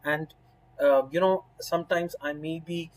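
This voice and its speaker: A man's voice: on the high side, steady tone, measured pace, rough recording. A man teaching a medical exam course in a spoken lesson, emphatic and full of "right?" and "you know".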